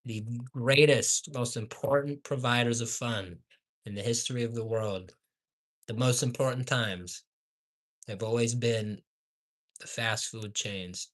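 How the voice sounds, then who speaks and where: Swearing, ranting man with a bright voice. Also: measured pace. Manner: angry, swearing constantly, swings from shouting to low mutters. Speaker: fast food commentator. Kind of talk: profane ranting commentary.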